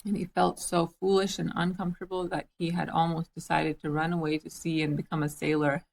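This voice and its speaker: A woman reads a children's story aloud, gentle and lightly amused. Her voice sits on the low side for a woman's, calm and even. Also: a little fast, creaky, a little hiss or hum, poor audio. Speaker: storybook reader. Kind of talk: reading a children's book aloud.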